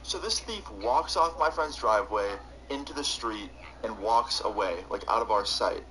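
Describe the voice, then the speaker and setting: Young guy telling a story on stream, lots of "like", lowish voice, noisy. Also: expressive, moderate pace, sharp tone. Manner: casual, rambling, heavy on "like". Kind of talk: storytelling while live gaming.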